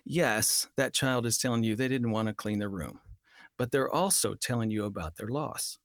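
A man's voice: fairly low pitch, moderate pace, dry recording, clean studio sound. A man talking as a family counselor on a radio show, earnest and explaining, now and then acting out what a child might say. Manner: earnest, acts out children's voices in quotes. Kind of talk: radio talk show conversation.

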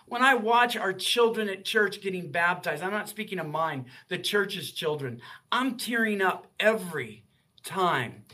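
An older man in his sixties with a high, bright, forward voice. He speaks as a guest author in a faith-based interview, earnest and heartfelt as he tells his stories. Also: expressive, a little slow.

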